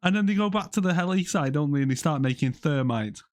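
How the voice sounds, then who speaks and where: A man co-hosting a podcast, chatting in giggly, sweary, animated banter about a film. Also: on the high side, fast. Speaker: podcast co-host. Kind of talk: casual banter reviewing a film.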